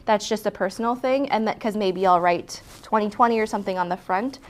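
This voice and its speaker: A woman's voice: medium pitch, fairly quick, slight background noise. Female art instructor, casual and encouraging, talks through each step as she demonstrates. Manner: chatty, encouraging, self-correcting as she demonstrates. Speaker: lettering instructor. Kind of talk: casual hands-on tutorial.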